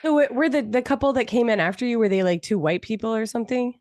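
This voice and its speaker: A woman's voice: fairly high pitch, lively intonation, fast, darkish tone, no room sound. Joking female podcast voice, casual banter, dry close mic. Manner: joking, quotes others in voices.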